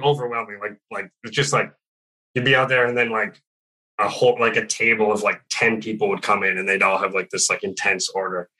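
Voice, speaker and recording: A man's voice: medium pitch, bright, forceful tone, slightly rough, low-quality recording. A man in casual chat telling a long story, rambling with many fillers and swearing freely. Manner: rambling, heavy on "like", swears a lot.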